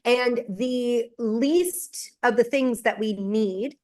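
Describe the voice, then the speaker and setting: Emphatic higher-voiced woman explaining hormones. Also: drawn-out words, a little mellow. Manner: emphatic, explains with frequent "okay?" asides and laughter. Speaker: hormone expert guest. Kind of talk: animated podcast conversation.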